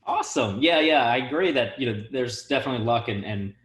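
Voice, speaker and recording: A man's voice: mid-range voice, lively intonation, fast talker, fairly bright tone, echoey room. A man hosting an interview, asking questions in a hesitant way with many fillers. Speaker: host, theatre program director. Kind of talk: casual interview.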